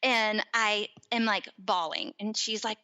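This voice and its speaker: A woman's voice: medium pitch, measured pace, bright, forceful tone, dull audio. A woman in her forties, a podcast guest, telling family stories in casual chat and acting out the voices of people in them.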